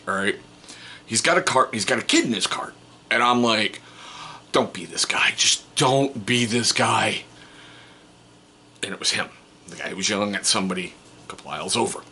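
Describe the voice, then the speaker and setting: A man's voice: fairly low pitch, sharp tone, slight background noise. A middle-aged man vlogging casually, telling a story in a rambling, chatty way that keeps correcting itself.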